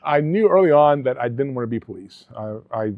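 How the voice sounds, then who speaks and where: Middle-aged man from Alabama, ex-cop guest, mid-pitched, earnest rambling storyteller; dry, thin telephone-quality audio. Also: animated, a little fast, no echo. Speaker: guest, former police officer and travel agency owner. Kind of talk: casual storytelling interview. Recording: dry, tinny phone-like sound.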